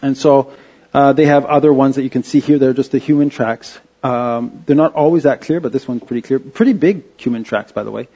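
A man giving an informal slide-show talk, halting and restarting with many fillers. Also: medium pitch, warm tone, slightly rough, muffled recording. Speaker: presenter.

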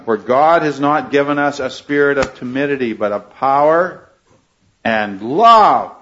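A man's voice: mid-range voice, fairly bright tone, dull audio. A man preaching an expository sermon, teaching earnestly and pressing hard on key phrases.

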